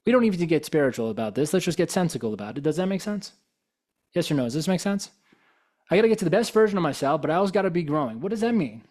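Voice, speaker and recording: Higher-voiced man giving a motivational talk. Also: expressive, racing, a little mellow. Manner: probing, full of rhetorical questions. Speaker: guest speaker.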